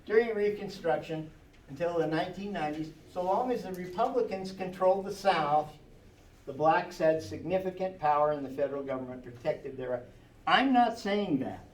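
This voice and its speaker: A man teaching history talks a little fast in a high-leaning, slightly mellow voice, recorded from far away in an echoey classroom. He's animated throughout, firing off rhetorical questions and chuckling at his own asides.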